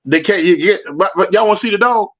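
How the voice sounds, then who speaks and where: A middle-aged man chats loosely on a livestream, calling out viewers by name and pleading for likes in easy street slang. His voice sits high for a man. The sound is a bit dull and lo-fi. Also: fast talker. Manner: reads out viewer comments and begs for likes. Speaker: livestream host. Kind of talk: casual livestream chat.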